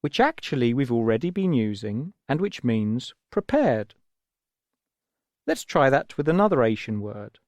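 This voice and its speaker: Gentle English man teaching, lively pitch. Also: no echo. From England. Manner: patient, gentle, explaining step by step. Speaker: language teacher. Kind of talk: scripted audio lesson for children.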